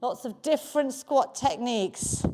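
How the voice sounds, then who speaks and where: A woman's voice: on the high side, unhurried, mellow. A woman leading a live home workout, encouraging everyone and counting the reps aloud. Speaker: fitness instructor. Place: home basement.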